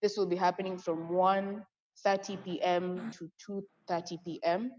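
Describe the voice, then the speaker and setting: A woman's voice: on the low side, normal speed. Effusive young Kenyan woman, echoey lo-fi audio. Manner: effusive, excitable, laughing often. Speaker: conference co-host. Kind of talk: live online event hosting.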